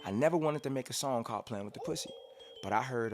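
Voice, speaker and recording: A man's voice: mid-range voice, fast, soft background music. A man in his thirties from Cincinnati, a rapper telling stories casually in a studio interview, acting out quotes and humming beats. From Cincinnati, USA. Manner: animated storyteller, acts out quotes, hums beats. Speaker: rapper guest.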